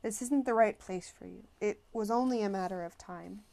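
A woman reading an audiobook, voicing a kind older male teacher who speaks quietly and gently. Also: medium pitch, normal speed, gravelly, lightly acted. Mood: gentle. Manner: soft-spoken, gentle, murmuring. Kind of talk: audiobook character voice.

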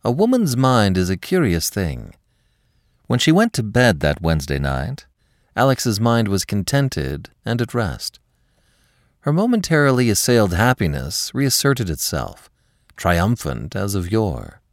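Deep-voiced male storyteller. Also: dry recording, studio quality. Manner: expressive, measured reading. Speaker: narrator. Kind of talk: scripted story narration.

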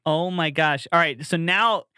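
A young man co-hosting a casual movie-review podcast, excitable and jokey. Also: on the high side, measured pace, clear, resonant tone, no echo, clean studio sound. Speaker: podcast co-host.

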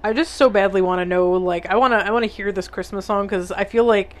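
A woman's voice: mid-range voice, fast. A woman co-hosting a podcast, chatting playfully, laughing a lot and swearing casually. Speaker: podcast co-host.

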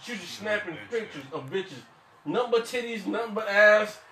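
A man's voice: sits high, moderate pace. A young man telling crude stories among friends, laughing as he talks. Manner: crude, laughing, animated storytelling. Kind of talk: casual storytelling among friends. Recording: echoey room, mic far off, crowd noise.

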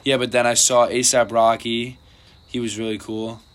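A man's voice: mid-range voice, little pitch movement, moderate pace, a bit bright. A young man, chatting casually on a podcast and rambling with lots of filler words and swearing. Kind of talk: casual chat.

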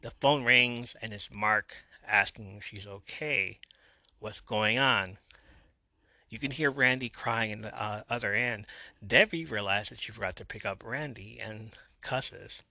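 Guy podcaster retelling a tv episode, super bright tone, dead dry sound. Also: on the low side, measured pace, vocal fry, dry recording. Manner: retells scenes and reads quotes with a few asides. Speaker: podcast host recapping a TV episode. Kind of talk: casual episode recap.

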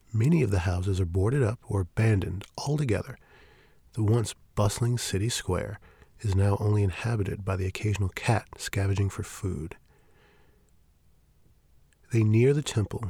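A man reading a horror story aloud in a steady, measured way, with a gravelly voice. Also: on the low side, dry recording. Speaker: narrator.

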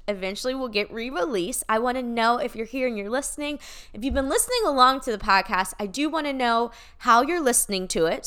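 A woman's voice: on the high side, fairly bright tone, smooth. A woman hosting her podcast as an unscripted motivational live chat, emphatic, swearing freely and tagging her points with "right?". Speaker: podcast host.

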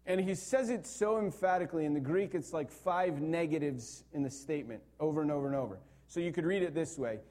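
A man's voice: a little high, brisk, darkish tone. Earnest man preaching a sermon. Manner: earnest, builds to emphatic repetition. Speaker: pastor.

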